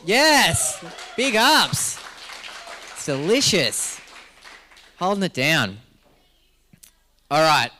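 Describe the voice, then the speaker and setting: A man's voice: high-pitched, sing-song, extremely slow, pauses often, sharp tone, a little hiss or hum. An Australian man hosting a live event as MC, joking and rambling through stories while laughing often. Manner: joking, rambling storyteller who laughs a lot. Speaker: MC at a health summit.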